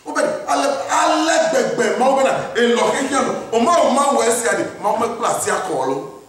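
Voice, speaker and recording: A man's voice: very high-pitched, animated, a little fast, fairly bright tone. A man preaching a sermon in a church, mixing English with a West African language and firing rhetorical questions at the congregation. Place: church hall. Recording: echoey and distant in a church.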